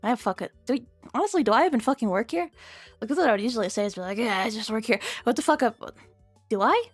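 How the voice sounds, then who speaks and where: A woman's voice: expressive, racing, no echo, faint music behind. Giggly, swearing young woman streamer. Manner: rambling, giggly, swears freely, swings into squeaky high bits. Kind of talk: casual chat with viewers.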